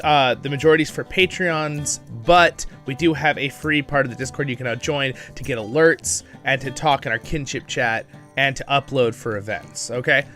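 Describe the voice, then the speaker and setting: A man's voice: mid-range voice, a bit bright. A man hosting a casual livestream, chatty and upbeat, greeting viewers by name and laughing often, with a bit of a morning voice. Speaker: livestream host.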